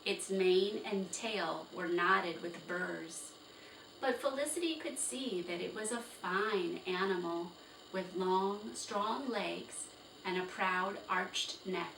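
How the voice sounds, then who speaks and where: Slow bright-voiced woman reading a story. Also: mid-range voice, creaky. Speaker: storybook reader. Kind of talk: children's read-aloud narration. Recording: roomy, distant, faint hiss.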